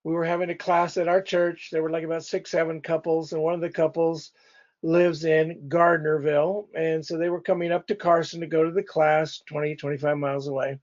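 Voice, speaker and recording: A man's voice: a little high, little pitch movement, brisk, dull audio. A male pastor teaching a church couples class in a conversational way, speaking directly to the couples in the room.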